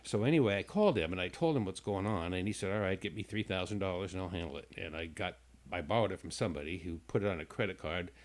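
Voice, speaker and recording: A man's voice: low-pitched, fast talker. A man hosting a radio talk show who tells a long personal story casually, with stumbling restarts, and acts out the people in it.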